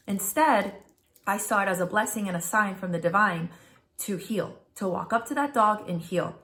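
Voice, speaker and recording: A woman's voice: medium pitch, normal speed, a bit bright. Chatty, earnest middle-aged woman vlogger. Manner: chatty, earnest, lots of "like" and "you guys". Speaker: spiritual influencer, vlogger. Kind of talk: casual direct-to-camera storytelling.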